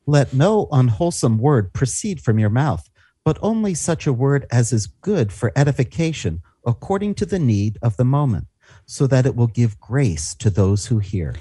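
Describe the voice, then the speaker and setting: A man co-hosting a Christian teaching show, reading scripture in a calm, measured way. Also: mid-range voice, husky, no echo, clean studio sound. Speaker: Christian radio co-host.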